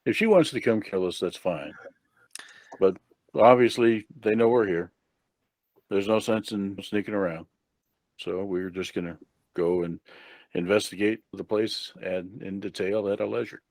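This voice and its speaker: A man playing in a tabletop game, speaking calmly and matter-of-factly about his character's choices. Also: lowish voice, unhurried, long pauses, no echo. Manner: calm, matter-of-fact, decisive. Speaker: player.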